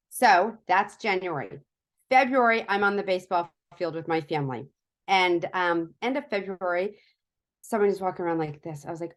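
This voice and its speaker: A woman in her forties telling a casual, chatty testimonial story, self-mocking and full of fillers. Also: medium pitch. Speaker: product testimonial speaker.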